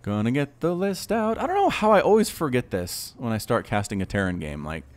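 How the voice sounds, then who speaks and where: A man casting a strategy game, excitable and quick to shout at big plays. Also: mid-range voice. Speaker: game caster. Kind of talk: live strategy game commentary.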